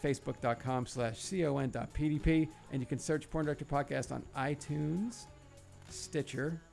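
Gravelly, foul-mouthed male podcast host. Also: fairly high pitch, steady tone, moderate pace, a little mellow, soft background music. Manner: crude, joking, swears freely. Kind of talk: casual podcast chat.

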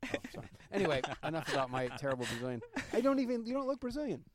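A man's voice: fairly high pitch, sing-song, racing, noisy background. A man from the eastern US hosting a podcast, chatting casually and teasing his guests. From eastern United States. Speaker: podcast host. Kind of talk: casual chat.

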